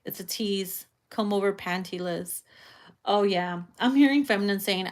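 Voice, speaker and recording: Casting note: woman tarot reader, playful and bawdy, quick slangy asides, mid-pitched voice. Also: a little mellow. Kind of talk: casual tarot reading monologue.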